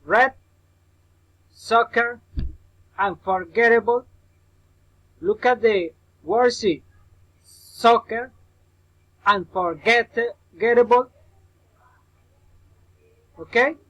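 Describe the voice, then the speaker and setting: A man teaching a recorded English pronunciation lesson, drilling example words slowly and repeatedly and addressing the listener as his student. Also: extremely high pitch, fairly bright tone, poor audio.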